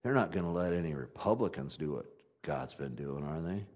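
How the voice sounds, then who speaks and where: A man preaching a sermon in a conversational, folksy way, swinging from loud emphatic passages to quiet ones. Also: rumbling low, expressive, a little fast. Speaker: pastor.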